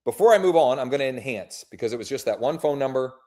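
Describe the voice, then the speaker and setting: A man's voice: mid-range voice, lively intonation, fast talker, warm tone. A man who works as a real estate agent, running a live workshop and making friendly, informal phone calls to leads.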